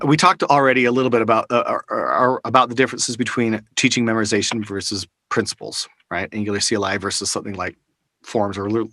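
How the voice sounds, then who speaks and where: A man's voice: on the low side, sharp tone, no room sound, clean studio sound. Man teaching a workshop on a video call. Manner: casual, with frequent fillers and restarts. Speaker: workshop instructor. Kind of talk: live online workshop teaching. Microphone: studio microphone close up, over a video call.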